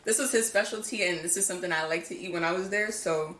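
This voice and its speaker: Young Jamaican-born woman, low voice. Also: quick pace, slight background noise. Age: young adult. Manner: relaxed, hesitant, many fillers and restarts. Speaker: interview guest, caterer. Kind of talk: casual interview chat. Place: home, indoors. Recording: echoey room, faint ambience.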